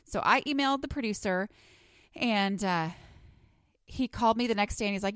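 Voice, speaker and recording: A woman's voice: mid-range voice, normal speed, pauses often, fairly bright tone, no echo, clean studio sound. A woman hosting her own podcast from home, chatting casually and rambling with plenty of ums and asides. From Texas. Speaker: podcast host. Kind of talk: casual solo podcast chat. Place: her home, sitting under a blanket.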